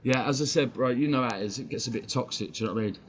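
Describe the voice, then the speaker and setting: On a live fan stream, a man from England delivers a furious, blunt rant full of swearing and aggression. His mid-range voice races along. The sound is dull and lo-fi, with faint noise behind it.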